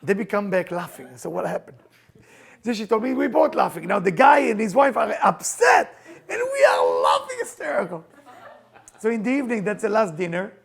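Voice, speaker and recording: A middle-aged man teaching a group, telling stories in an animated way and acting out the lines of the people in them. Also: high-pitched, fast, gravelly, breathy edge. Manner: animated, acts out quoted dialogue. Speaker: Kabbalah teacher. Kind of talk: storytelling talk to a group.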